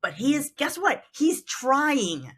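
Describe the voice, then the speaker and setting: A woman hosts an interview in a conversational way, and her voice is bright and clear. She explains her points with animation and slips into short acted-out quotes to make them land. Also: high voice, sing-song, slow pace. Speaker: podcast host, mediator.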